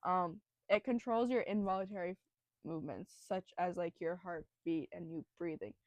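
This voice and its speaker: This student host, a young woman with a lowish, darkish voice, explains biology on a casual educational podcast at a moderate pace. Nervous and breathing heavily, she rambles and puts herself down. The sound is dry and close, with the highs cut off.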